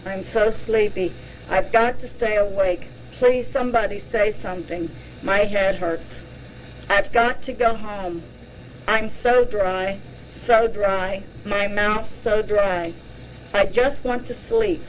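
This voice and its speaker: Brief: woman reading a scared hypnosis subject, slow panicked pleading, lo-fi sound. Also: medium pitch, a little hiss or hum, natural voice. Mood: distressed. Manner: pleading, panicked first-person recall. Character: frightened woman reliving abduction under hypnosis.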